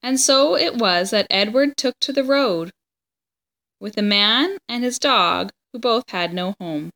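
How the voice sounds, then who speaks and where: A woman reading a children's chapter book aloud, with steady, even storytelling. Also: a little high, a little slow. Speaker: story reader.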